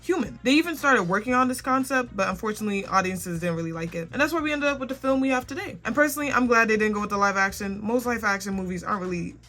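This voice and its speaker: A woman's voice: medium pitch, quick pace, hardly any pauses, a bit bright, faint music behind. A young woman hosting a casual facts video, reading through a numbered list with chatty, dry little asides. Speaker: host.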